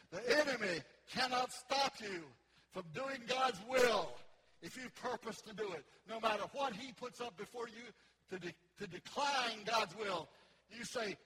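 A pastor preaching a sermon in a church, swinging between loud fervent preaching and soft sung lines, out of breath. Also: male voice, high voice, rough recording.

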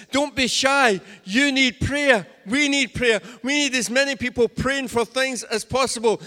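A man's voice: very high voice, a bit bright. A man preaching a sermon as pastor, making emphatic, repetitive declarations in a church. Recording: echoey church hall.

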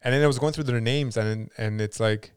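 A man co-hosting a podcast rambles through a story in loose, casual chat, full of fillers and restarts. His voice is smooth and resonant at a middle pitch. The recording is dry and close. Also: brisk, no echo. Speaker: podcast co-host.

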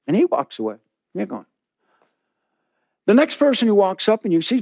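A pastor preaching a sermon, telling a story dramatically and acting out the people in it. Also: male voice, high-pitched, sing-song, moderate pace, gravelly, long pauses, a little mellow, husky, no echo, studio quality.

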